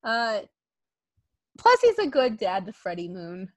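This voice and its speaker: A woman co-hosting a casual podcast, laughing often and acting out quotes in an animated way. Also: medium pitch, a little slow, no room sound. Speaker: podcast co-host. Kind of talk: casual wrestling podcast chat.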